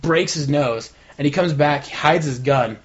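A man's voice: on the high side, normal speed, a little hiss or hum. A man chatting casually on a podcast, retelling a TV episode with energy and acting out the characters' lines. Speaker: podcast co-host. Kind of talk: casual chat recapping a TV episode. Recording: dull lo-fi sound.

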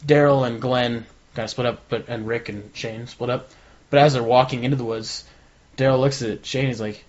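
A man recapping a TV episode in casual podcast talk, throwing himself into the retelling and putting on the characters' lines. His voice sits at an ordinary middle pitch. The recording is dull and lo-fi. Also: steady tone, moderate pace. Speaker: podcast co-host. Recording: dull lo-fi sound.

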